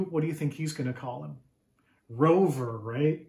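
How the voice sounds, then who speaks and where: A man reading his picture book aloud to children, animated and asking the listeners questions. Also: a little high, normal speed, roomy sound.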